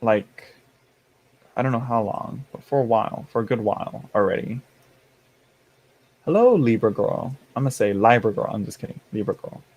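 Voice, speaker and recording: Man, livestream host, casual chat, laughs often, reads chat aloud, mid-pitched voice. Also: normal speed, pauses often, highs cut off.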